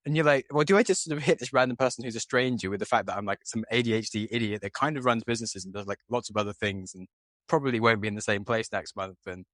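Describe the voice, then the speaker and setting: A man's voice: fairly low pitch, quick pace, fairly bright tone, no room sound, studio quality. A British man hosting a podcast interview, chatty and self-deprecating, hesitant with many fillers.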